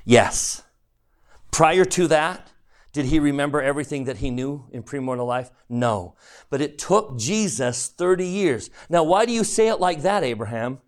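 A man teaching a classroom scripture lesson, emphatic and animated, asking the class questions and reading verses slowly and deliberately. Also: medium pitch. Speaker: religion teacher.

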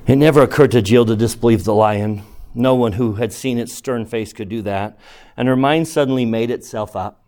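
A man preaching a sermon in an earnest way. He shifts between soft and loud and slows down for emphasis. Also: medium pitch.

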